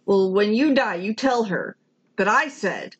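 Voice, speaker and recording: A woman's voice: medium pitch, lively intonation, a little slow, highs cut off. A woman co-hosting a casual podcast chat, making teasing jokey remarks.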